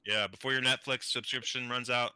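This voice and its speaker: A man's voice: medium pitch, fairly even intonation, brisk, pushed and bright, clean tone, no echo. A man in casual chat, easygoing and agreeable.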